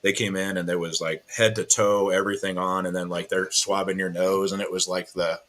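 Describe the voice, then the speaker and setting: A man with a very deep voice chats on a podcast. He rambles through his story easily, with plenty of fillers. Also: level tone, brisk, a bit bright. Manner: laid-back rambling with many fillers. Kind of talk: casual chat.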